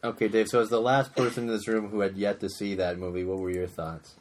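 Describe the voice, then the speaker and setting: Easygoing male host, very low voice, light hiss behind. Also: little pitch movement, fast talker. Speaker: podcast host. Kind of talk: casual chat.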